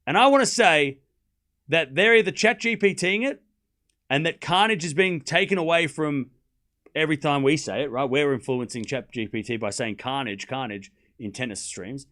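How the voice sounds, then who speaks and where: A young man hosting a live tennis watchalong, chatting excitedly with viewers and calling scores. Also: on the high side, moderate pace. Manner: chatty and excitable, laughs often, repeats phrases, calls out live scores. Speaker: livestream tennis watchalong host. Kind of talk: casual live-stream commentary chatting with viewers.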